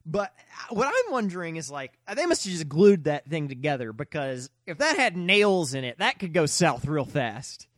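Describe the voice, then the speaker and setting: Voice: mid-range voice, big pitch swings, moderate pace, few pauses, fairly bright tone, dry recording, studio quality. A podcast co-host chatting casually and enthusiastically, swearing freely. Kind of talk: casual chat.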